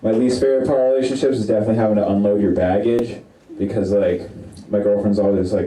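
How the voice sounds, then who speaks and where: A man's voice: fairly low pitch, fast talker, warm tone, slight background noise. A man doing stand-up one-liners in a dry, self-deprecating way on a stage under lights. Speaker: stand-up comedian. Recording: roomy, mic at a distance.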